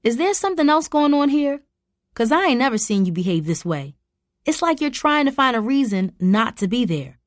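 A woman voicing an angry, exasperated middle-aged mother who scolds loudly. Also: a little high, very animated, moderate pace, no echo, clean studio sound, pitched above the performer's own voice. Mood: fuming. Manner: scolding, loud and indignant.

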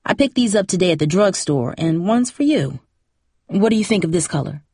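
An easygoing mother who coaxes and soothes, speaking casually in a fairly low, dry voice, as a woman reading aloud puts her on. Her tone stays breezy and reassuring. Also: expressive, fairly quick, a little mellow, slightly rough, no room sound. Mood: coaxing. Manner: soothing, casual, endearing "baby". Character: easygoing, coaxing single mother.

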